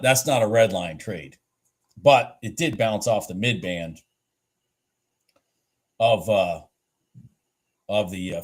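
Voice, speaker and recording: A man giving casual live trading commentary, excitable and thinking aloud with frequent restarts. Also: on the low side. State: a bit out of breath. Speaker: livestream day trader.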